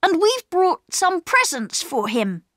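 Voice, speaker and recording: A woman's voice: very high-pitched, very animated, slow, fairly bright tone, dry recording, clean studio sound, pitched above the performer's own voice, exaggerated voice. A woman voicing a polite, earnest young boy in a storybook reading.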